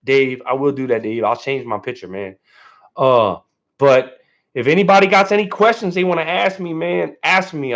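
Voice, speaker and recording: A man's voice: a little high, fairly bright tone. A man hosting his first livestream in a casual, rambling way, full of fillers and a little nervous. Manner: laid-back, rambling, lots of fillers and "man". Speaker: livestream host.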